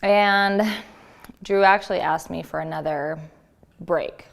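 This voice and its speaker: A woman with a somewhat low voice tells a personal story frankly in a vlog. She speaks earnestly and haltingly, restarting her sentences as she goes. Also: fairly even intonation, vocal fry.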